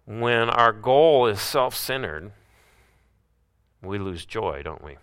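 A man's voice: lowish voice, lively intonation, slow, a bit bright, clear, resonant tone. A man preaching a sermon, often putting rhetorical questions to his listeners.

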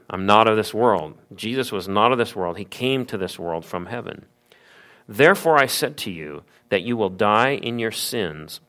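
Guy preaching, lowish voice, walks through the bible passage, asks the room lots of questions. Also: a bit bright. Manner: explanatory, emphatic with rhetorical questions. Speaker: pastor. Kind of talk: expository sermon.

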